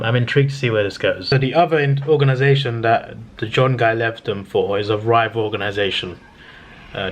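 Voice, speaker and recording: A man, chatting casually as he reacts to and reviews a movie, rambling with lots of fillers and restarts. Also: on the low side.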